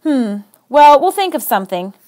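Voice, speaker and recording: A woman's voice: high-pitched, sing-song, moderate pace, darkish tone. A woman voicing an earnest, defensive teenage boy from the city in a storybook reading, with a pleading, emphatic delivery. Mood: coaxing.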